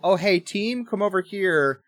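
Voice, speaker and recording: Man doing a police commander, high and excited, loud. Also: unhurried, no echo. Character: eager adult male police commander.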